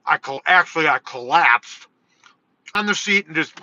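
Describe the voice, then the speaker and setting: A man's voice: on the high side, expressive, normal speed, sharp tone. A man vlogging, telling a long rambling story in a casual way, quoting himself and swearing now and then. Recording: dull lo-fi sound.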